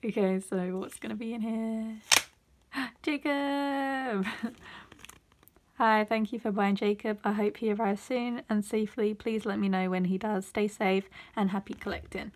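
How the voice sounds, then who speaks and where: A woman talking through her mail in a casual unboxing vlog. She gets excitable and gushes, often gasping and squealing. Her voice sits at an ordinary middle pitch for a woman. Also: moderate pace, few pauses. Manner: excitable and gushing, with gasps and squeals. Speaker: vlogger.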